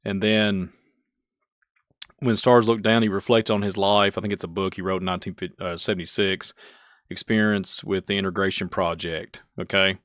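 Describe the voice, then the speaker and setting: A man's voice: low voice, flat delivery, moderate pace, a bit bright, no echo. Kentucky-accented male host, rambling rant, dry close sound. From Kentucky, USA. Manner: rambling, self-mocking, laughing asides. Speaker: channel host. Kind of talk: casual ranting commentary.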